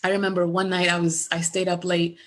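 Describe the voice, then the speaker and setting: Middle-aged woman, business coach, chatty webinar delivery on a webcam, animated storyteller. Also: fairly low pitch, brisk. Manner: animated storyteller, acts out remembered dialogue. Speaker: business coach presenting at a virtual summit. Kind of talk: conversational webinar presentation.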